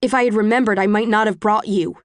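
A woman's voice: fast, no echo, studio quality, close to an everyday voice. A woman voicing a terse young man. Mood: curt. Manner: low, clipped, flat delivery. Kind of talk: audiobook character reading.

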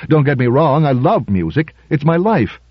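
A man's voice: a little high, sing-song, normal speed, breathy edge, dry recording, highs cut off, pitched above the performer's own voice. A man voicing a guarded, hesitant male musician opening up at a dinner, in a storybook reading. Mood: confiding. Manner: hesitant, defensive. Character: uneasy male concert violinist, guarded.

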